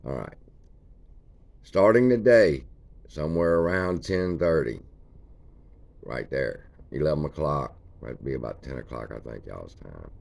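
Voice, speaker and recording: Man, very deep voice, casual chart walkthrough, folksy. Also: animated, normal speed, creaky. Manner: folksy, points at chart features as he talks. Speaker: stock channel host.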